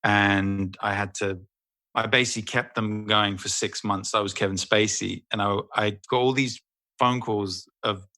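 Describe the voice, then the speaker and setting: Bright-voiced man telling a lively story. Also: on the low side, normal speed. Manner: animated storyteller, swears freely, slips into voices. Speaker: actor and guest. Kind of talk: casual interview anecdote.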